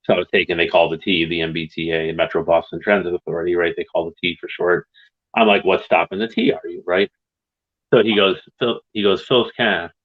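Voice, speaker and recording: Low-voiced man on a dull lo-fi line. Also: fairly even intonation, a little fast. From Massachusetts. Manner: rambling anecdotes, tags lines with "right?". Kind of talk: casual chat, storytelling.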